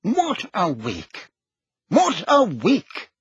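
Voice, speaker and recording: A man reading an audiobook, voicing a careworn, middle-aged wizard minister who talks slowly and wearily. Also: sits high, huge pitch swings, slightly rough, no room sound, dull audio, pitched above the performer's own voice, heavily acted. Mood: weary, stern. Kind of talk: audiobook character voice.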